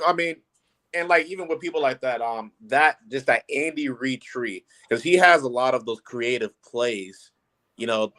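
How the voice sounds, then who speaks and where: A mid-pitched man on a football podcast. He talks in an easygoing, meandering way, padding his points with "you know.". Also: fairly bright tone. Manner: laid-back, lots of "you know" fillers. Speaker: podcast co-host. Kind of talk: casual sports podcast chat.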